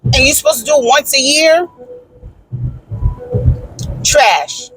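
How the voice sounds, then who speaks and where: A woman in her thirties, talking casually to her viewers from inside a car, animated and frank with swearing, swinging from exasperated rants to easy storytelling. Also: high-pitched, slow, background noise. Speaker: vlogger.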